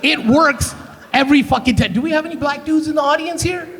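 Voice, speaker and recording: A Canadian man doing stand-up on a theater stage, brash and profane, with lots of crowd teasing. His voice sits high for a man and has a gravelly edge. He is heard through a handheld stage mic. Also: a little fast, a bit bright. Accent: Canadian English. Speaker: stand-up comedian. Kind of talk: live stand-up comedy. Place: live theater stage with audience.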